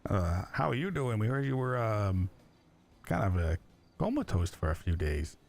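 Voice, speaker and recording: A man chatting in character during an online roleplay stream, rambling and halting with lots of fillers. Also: lowish voice, very animated, gravelly, a little mellow.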